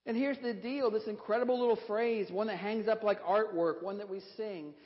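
A man's voice: sits high, normal speed. A man preaching a sermon as pastor, emphatic and leading the congregation in repeating a phrase, then chatting casually. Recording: dull audio in a reverberant sanctuary.

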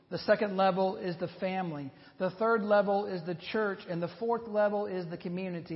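A man pastor preaching a sermon, earnest and measured, slowing down for emphasis. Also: fairly high pitch. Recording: dull lo-fi sound with long reverb.

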